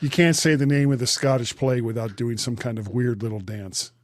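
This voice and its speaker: A man's voice: medium pitch, a little fast, dry recording, studio quality. A man hosting a podcast, chatting casually and laughing easily. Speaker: podcast host. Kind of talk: casual chat.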